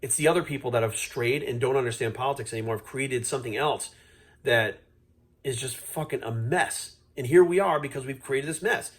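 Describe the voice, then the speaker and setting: Talking a little fast at a medium pitch, a vlogging fitness coach goes on an off-the-cuff rant to camera. He lectures his audience bluntly and angrily, swearing freely throughout.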